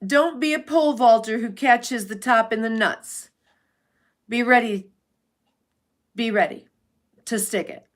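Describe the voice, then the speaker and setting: A woman's voice: on the high side, a little slow, long pauses. A woman hosting a casual livestream, who chats bluntly with viewers, swears freely and reads out their names. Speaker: livestream host. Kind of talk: casual chat with live viewers.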